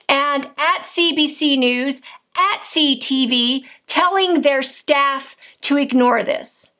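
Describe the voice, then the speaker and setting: Speaking slowly in a sharp tone, this political vlogger is a high-pitched woman delivering an angry rant directly to camera. She is combative and indignant, hurling direct accusations and rhetorical questions.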